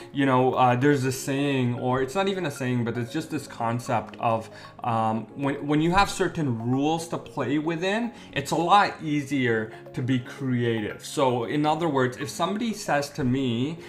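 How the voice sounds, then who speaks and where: A man who works as a wedding MC and magician, hosting a casual interview and talking in an animated, rambling way with restarts. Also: mid-range voice.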